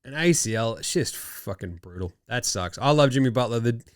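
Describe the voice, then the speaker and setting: An Australian man hosting a casual sports talk show, animated and swearing freely. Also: mid-range voice, a little fast, no echo, studio quality. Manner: animated, swearing, laughing asides. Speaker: podcast host.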